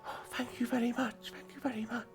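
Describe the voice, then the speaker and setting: A man voicing a tiny anxious female gnome with a put-on Southwest English accent, pleading and hurried. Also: a little high, fairly even intonation, over music, pitched above the performer's own voice, natural voice.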